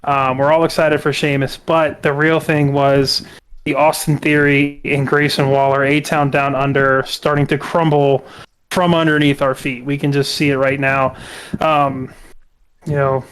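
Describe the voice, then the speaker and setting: A man's voice: medium pitch, little pitch movement, a little slow, a bit bright, smooth. A young man co-hosting a casual podcast, recapping at length with lots of fillers and restarts. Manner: recaps at length with many fillers and acted-out quotes. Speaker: co-host.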